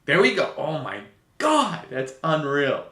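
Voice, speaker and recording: A man's voice: on the high side, wildly swooping pitch, measured pace, pushed and bright. A man casually commenting on a live basketball game, sarcastic and profane, ranting in exasperation at a struggling team. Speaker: live game watch-along streamer. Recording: roomy echo.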